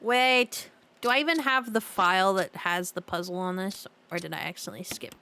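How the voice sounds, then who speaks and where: A woman's voice: medium pitch, fairly quick, bright, forceful tone, a little hiss or hum. A young woman streaming a game, chatting casually with her viewers, giggling often and drifting off topic as she reads their comments aloud. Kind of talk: casual live-stream chat while playing.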